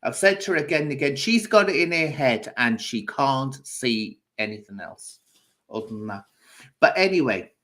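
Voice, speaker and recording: A man's voice: fairly low pitch, a bit bright. A man hosting a casual livestream, bluntly scolding and answering viewers' comments. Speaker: livestream host.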